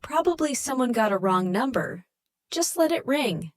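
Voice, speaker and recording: A woman's voice: on the high side, expressive, moderate pace, no echo, pitched above the performer's own voice, close to an everyday voice. Woman reading a puzzled husband, plain matter-of-fact tone, dry studio sound. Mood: calm. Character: calm, then puzzled older husband.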